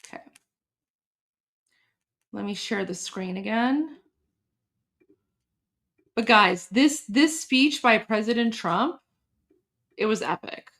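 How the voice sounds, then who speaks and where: A woman from Iran chatting on a casual livestream, emotional and halting, with many restarts and repetitions. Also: mid-range voice, expressive, a bit bright. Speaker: livestream host.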